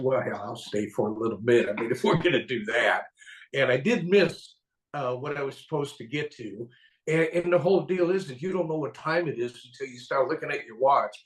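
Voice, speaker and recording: A man hosting a casual live stream, talking in a lively, folksy, enthusiastic way. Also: medium pitch. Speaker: host. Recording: echoey room.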